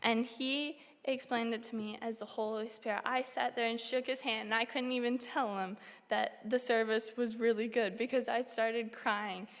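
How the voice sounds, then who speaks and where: A young woman giving a personal testimony in church, telling her story in a lively way and acting out her own reactions. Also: on the high side, normal speed, hardly any pauses. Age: young adult. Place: church sanctuary. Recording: long church hall reverb.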